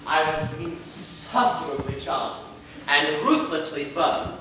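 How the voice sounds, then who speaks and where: Heard in a noisy, echoey theater recording from far away, a man with a slightly high voice speaks slowly with lively intonation. He's a stage actor delivering a grand, theatrical turn as a vain, flamboyant celebrity playwright in a live play.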